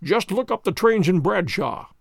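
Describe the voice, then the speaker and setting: A man reading the part of a grave, brilliant detective in a storybook, measured and authoritative. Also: sits high, lively intonation, creaky, dry recording, studio quality, full character voice.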